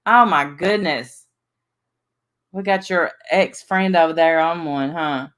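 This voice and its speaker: A woman's voice: sits low, takes it slowly, fairly bright tone. Chatty woman hosting a livestream. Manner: chatty, laughs at herself, reads viewer names aloud. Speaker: livestream host. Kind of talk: casual livestream chat.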